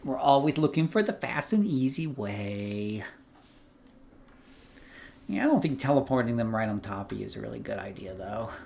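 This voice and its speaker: A man's voice: medium pitch, lively intonation, moderate pace, creaky, long pauses, warm tone, a little hiss or hum. Chatty man commenting on his game. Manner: chatty, wry, exclaiming at the game. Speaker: gaming streamer. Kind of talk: casual gameplay commentary. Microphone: headset earpiece.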